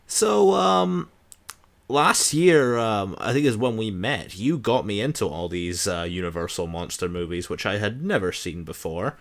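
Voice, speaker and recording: A man's voice: fairly low pitch, measured pace, gravelly. A man co-hosting a casual movie podcast, talking chattily with a lot of ums. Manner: chatty, lively, with filler ums. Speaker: podcast co-host.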